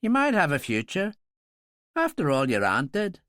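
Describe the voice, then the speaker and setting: A man's voice: sits high, wildly swooping pitch, normal speed, a bit bright, no echo, voice pushed up, full character voice. A man voicing a seasoned middle-aged pilot who talks with dry, wry humor.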